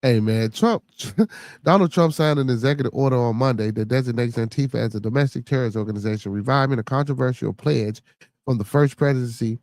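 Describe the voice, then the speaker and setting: A man's voice: medium pitch, fairly quick, a little mellow, no echo. Profane, rambling Chicago man. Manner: rambling, profane, repeats himself, reads news aloud. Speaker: podcast host. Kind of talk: casual podcast chat.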